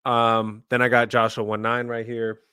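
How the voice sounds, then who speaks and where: A young man co-hosting a podcast, chatting casually and a little self-consciously. His volume jumps between loud bursts and mumbles. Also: medium pitch, completely flat delivery, normal speed, clean tone, no echo. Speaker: podcast co-host. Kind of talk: casual chat.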